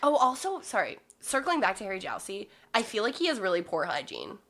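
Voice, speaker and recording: A young woman co-hosting a podcast in casual chat, talking fast with lots of fillers and quoting people. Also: medium pitch, huge pitch swings, fairly bright tone. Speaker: podcast co-host.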